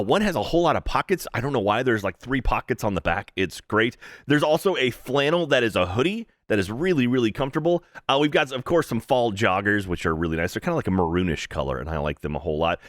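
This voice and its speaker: A man's voice: medium pitch, a bit bright, no echo, studio quality. A man hosting a podcast, reading a sponsor spot and chatting casually with enthusiasm, rambling as he goes. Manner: enthusiastic, rambling, with playful voices. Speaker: podcast host. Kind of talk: casual podcast chat and ad read.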